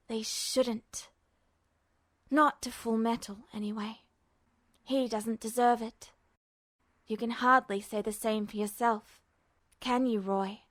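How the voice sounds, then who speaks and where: A woman reading a fanfiction story aloud as a podfic, with steady, measured narration. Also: a little high, no room sound. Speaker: podfic reader.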